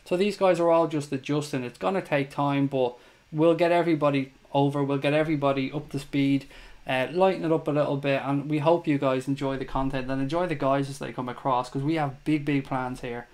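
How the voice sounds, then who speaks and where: A man's voice: mid-range voice, steady tone, fairly quick, darkish tone. A man hosting a fan chat show livestream, talking casually and with feeling to his viewers and reading out their comments. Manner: chatty, emotional, reads viewer comments aloud.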